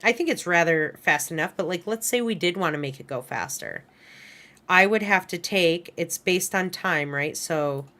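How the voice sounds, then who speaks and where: A woman's voice: low-pitched, pushed and bright. A woman teaching an animation class at her computer, talking casually and correcting herself as she goes. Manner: casual, self-correcting, lots of "right?" and "kind of". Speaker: animation instructor. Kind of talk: recorded class lecture. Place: screen-share lesson at a computer. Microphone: headset or desk mic she adjusts.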